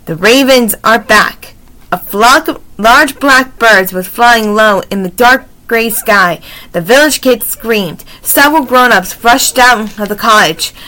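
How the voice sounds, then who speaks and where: A woman reading a children's chapter book aloud, expressive, adding her own warm asides. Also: fairly high pitch, a little slow, low-quality recording. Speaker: storybook reader.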